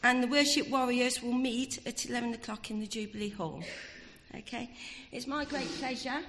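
A woman's voice: fairly high pitch, moderate pace, a bit bright, slight background noise. A woman reading the church notices to the congregation in an informal way, stumbling over names. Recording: reverberant church hall.

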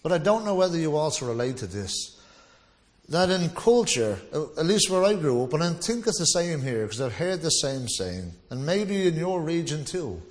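A man's voice: fairly high pitch, big pitch swings, moderate pace. A man preaching a sermon in a conversational, anecdotal way, now and then acting out the voices of people he quotes. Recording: long reverb of a large hall.

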